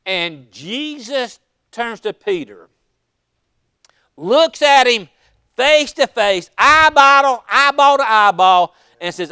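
A man preaching with a very high, bright voice. His tone is clear and smooth, and the sound is dry and close. He tells homespun stories and builds to fervent, raised passages. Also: big pitch swings, slow, no room sound. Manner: folksy storytelling, rising to impassioned shouts. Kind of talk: sermon.

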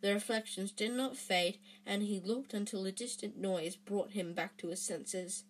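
Husky woman reading a story aloud. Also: medium pitch, fairly even intonation, normal speed. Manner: frequent restarts and fillers. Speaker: reader.

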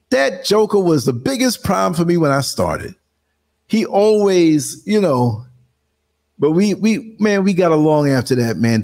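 A man in his sixties with a New York accent, hosting a live show and chatting casually, telling animated stories and acting out quotes in a higher voice. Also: husky. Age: 60s. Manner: animated storyteller, acts out quotes in a higher voice, laughs often. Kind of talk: casual live-stream chat.

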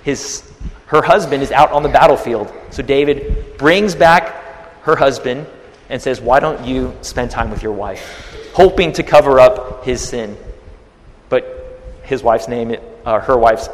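A male pastor preaches a sermon in a big-sounding room, retelling a scripture story at a measured pace. His medium-pitched voice swings between quiet and loud passages.

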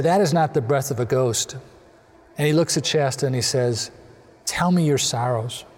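A man preaching a sermon in a cathedral, earnest, sometimes gently acting out the people he quotes. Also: a little high. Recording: long reverb of a large hall.

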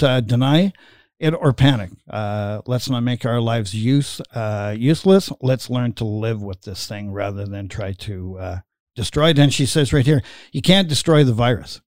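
A man's voice: mid-range voice, measured pace, a little mellow, no room sound, clean studio sound. A middle-aged man hosting a casual chat, rambling with many fillers and laughing as he tells stories. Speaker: podcast host.

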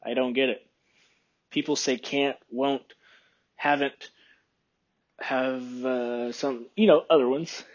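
A man from Texas hosting his podcast in a rambling, relaxed chat, with a phlegmy throat he keeps clearing. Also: medium pitch, slow, long pauses, lo-fi sound. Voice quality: phlegmy, husky. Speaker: podcast host. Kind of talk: casual solo podcast chat. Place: room by a window.

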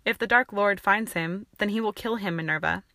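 A woman voicing a sullen, dour male wizard teacher who speaks calmly with a drawl. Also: medium pitch, fairly quick, no echo, studio quality. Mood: calm, firm. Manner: calm, drawling.

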